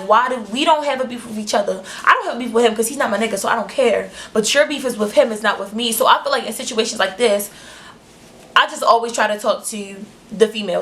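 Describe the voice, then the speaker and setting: A woman's voice: a little high, fairly bright tone. A young woman telling a story on her vlog, blunt and frank, with slang and swearing, acting out the other people in it. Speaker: vlogger.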